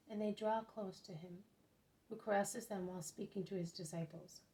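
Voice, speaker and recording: A woman reading a religious book aloud as an audiobook narrator, in a steady, measured way. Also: medium pitch, poor audio. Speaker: reader.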